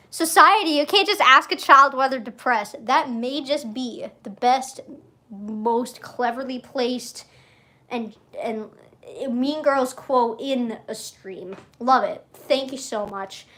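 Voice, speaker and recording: High-voiced young woman rambling on stream. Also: bright, forceful tone. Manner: rambling, self-interrupting, giggly. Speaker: livestreamer. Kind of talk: casual stream chat.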